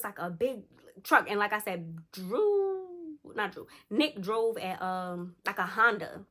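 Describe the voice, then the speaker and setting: A young woman vlogger telling a spooky storytime to her viewers in a casual, slangy, animated way. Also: medium pitch. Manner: animated, slangy, addresses listeners as y'all.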